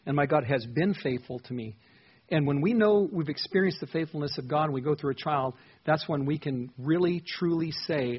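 Husky-voiced man preaching a relaxed sermon. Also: a little high, fairly quick, muffled recording. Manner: conversational Bible teaching, voicing the psalmist's prayers with rising emotion. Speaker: pastor.

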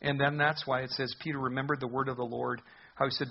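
Gravelly, husky-voiced male pastor preaching. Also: medium pitch, level tone, fast talker, lo-fi sound. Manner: earnest, conversational preaching. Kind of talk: sermon.

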